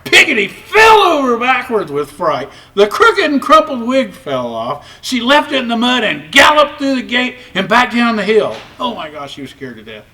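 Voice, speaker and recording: Lively male storybook reader, slightly raised pitch, a little distant from the mic. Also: normal speed, few pauses. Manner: expressive, varied storytelling. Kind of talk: children's read-aloud narration.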